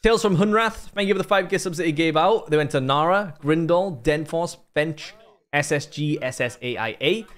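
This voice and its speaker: A man's voice: a little high, normal speed. A man hosting a casual gaming stream, bantering with friends and reading out donations. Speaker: streamer host.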